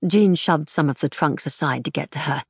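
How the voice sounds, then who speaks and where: A woman narrating a story in a measured, even manner. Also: deep voice, husky, dry recording, clean studio sound. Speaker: audiobook narrator. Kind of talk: scripted narration.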